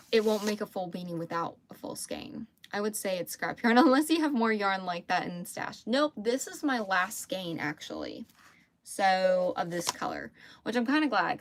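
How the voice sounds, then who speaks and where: A young woman with a Southern US accent and medium-pitched voice chats casually on a crochet livestream, with slight background noise. She reads out viewer comments and laughs easily.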